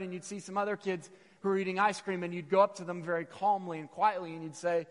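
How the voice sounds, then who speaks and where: A man's voice: high voice, fast talker. A man preaching in a reverberant hall. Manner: animated storytelling, repeats phrases, occasional stumbles. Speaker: missionary preacher. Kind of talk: sermon with personal stories.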